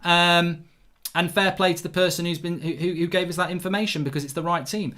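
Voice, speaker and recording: Reading out live chat on his football fan channel, a middle-aged host responds in an excitable, animated way with a high-sitting, slightly fast voice. The stream is casual; he swears a lot and frequently starts sentences over.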